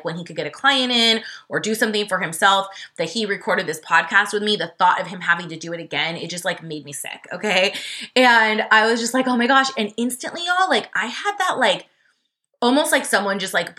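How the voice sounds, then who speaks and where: Young woman, solo podcast host; bright tone, chatty and expressive, talks straight to listeners. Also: lowish voice. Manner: chatty and expressive, filler-heavy, addresses listeners as y'all. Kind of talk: casual solo podcast storytelling.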